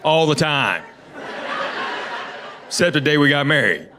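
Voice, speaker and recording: A man's voice: on the high side, big pitch swings, unhurried. A middle-aged man from Tennessee, doing an easygoing stand-up comedy set and bantering with the audience on stage. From Knoxville, Tennessee. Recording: live show with audience noise.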